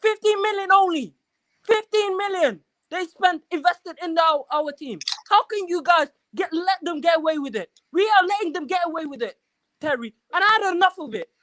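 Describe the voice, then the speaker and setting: A man's voice: extremely high pitch, expressive, normal speed, sharp tone, no room sound, poor audio. A man calling in to a fan show, ranting in an agitated, repetitive way. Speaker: caller. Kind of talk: angry fan phone-in rant.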